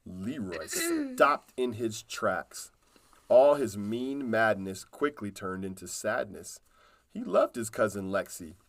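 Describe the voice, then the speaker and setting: A man reading a children's storybook aloud in a calm, unhurried way. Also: lowish voice.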